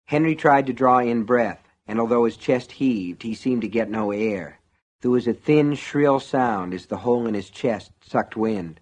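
A man narrates a novel in a measured, even storytelling voice. His pitch sits in a plain middle range, steady through the action. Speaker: audiobook narrator. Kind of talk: scripted narration.

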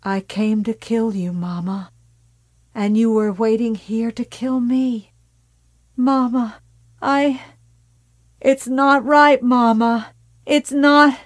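A woman voicing a wounded young woman with strange powers, speaking in a slow, cold, soft whisper. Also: mid-range voice, steady tone, no room sound, studio quality. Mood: pleading.

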